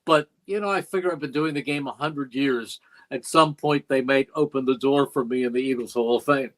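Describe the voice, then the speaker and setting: This older veteran of radio play-by-play talks fairly quickly in a medium-pitched, fairly bright voice, telling earnest, reflective stories in an interview and voicing the dialogue he quotes. Audio quality is poor.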